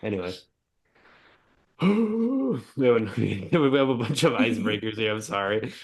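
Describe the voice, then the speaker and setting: A man's voice: fairly low pitch, brisk. A man hosting a podcast, joking and playful in casual chat. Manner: joking, playful, laughs a lot. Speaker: podcast host.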